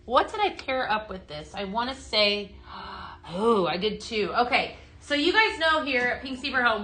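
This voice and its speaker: A woman's voice: a little high, sharp tone. Bubbly woman selling live from home. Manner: bubbly, chatty, reads viewer comments aloud. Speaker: live-stream seller. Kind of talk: live home-decor sales stream.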